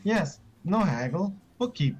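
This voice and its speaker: A man's voice: high-pitched, sing-song, unhurried, darkish tone, a little hiss or hum, voice pushed up. A man voicing a small, vicious, rat-like male assassin creature who speaks in broken, clipped phrases. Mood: eager. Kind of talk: tabletop role-play voice.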